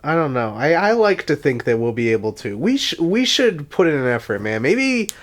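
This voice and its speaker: A man's voice: fairly high pitch, big pitch swings, moderate pace. A man co-hosting a casual podcast, talking reflectively and hesitantly with many restarts. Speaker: podcast co-host. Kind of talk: casual chat.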